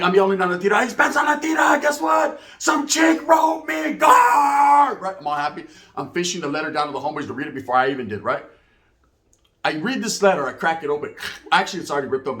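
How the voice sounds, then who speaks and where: A man spins a prison yarn in casual street slang. He acts out both sides of each exchange and keeps checking in with "you know what I mean". His voice sits high for a man. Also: fairly bright tone. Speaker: storyteller recounting prison life. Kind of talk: casual storytelling.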